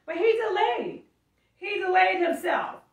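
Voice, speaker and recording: A woman with a high voice preaches a sermon, reading scripture aloud and breaking off to explain it. She often calls out with force. She is heard from a distance in a room with a lot of echo. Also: measured pace. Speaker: teacher. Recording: echoey room, mic far off.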